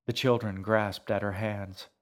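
A man reads a tense story aloud, his voice sitting on the low side. He takes his time with each phrase, hushed and measured, letting the sentences unfold slowly. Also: little pitch movement. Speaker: audiobook narrator. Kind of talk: scripted narration.

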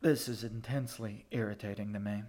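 A man voicing a cold, calculating male captor who speaks quietly and precisely. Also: fairly low pitch, steady tone, close to an everyday voice. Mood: quiet menace. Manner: quiet, measured, clipped.

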